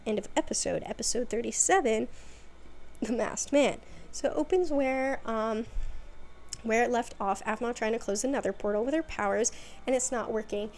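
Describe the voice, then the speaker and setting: A woman's voice: a little high, moderate pace, a little mellow, a little hiss or hum. A young woman hosting a casual recap video, telling the story in a rambling, filler-heavy way. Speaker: video host.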